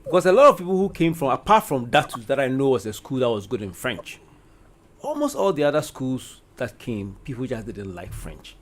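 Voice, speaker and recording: Ghanaian male radio co-host, mid-pitched voice, casual panel talk. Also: very animated, slight background noise. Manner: conversational, quick to chime in. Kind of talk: radio discussion. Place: radio studio.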